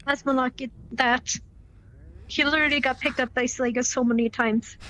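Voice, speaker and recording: High, excited woman retelling a story. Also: normal speed, a little hiss or hum, low-quality recording. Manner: excited, repeats herself while retelling. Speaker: roleplay player. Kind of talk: in-character roleplay chat.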